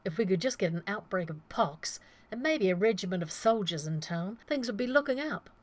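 A woman reading the lines of a sarcastic male gunslinger who talks in deadpan. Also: mid-range voice, brisk, pitched above the performer's own voice, close to an everyday voice. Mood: sardonic.

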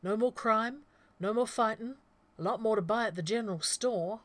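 Brief: a woman voicing a bragging, prejudiced small-town bank teller, high, loud and drawling. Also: normal speed, no room sound, lightly acted. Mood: boastful.

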